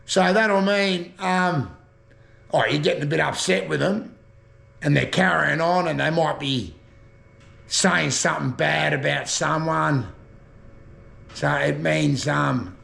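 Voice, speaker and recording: A man's voice: on the high side, vocal fry, fairly bright tone. A man with an Australian accent chatting casually about slang, rambling, swearing freely and laughing at his own jokes. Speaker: vlogger. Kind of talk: casual chat explaining slang.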